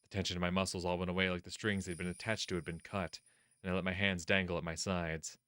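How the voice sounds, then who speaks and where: A man voicing a teenage boy who narrates his own tense inner thoughts in a slow, hushed, brooding visual novel reading. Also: low-pitched, level tone, voice pushed down. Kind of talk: visual novel read-aloud.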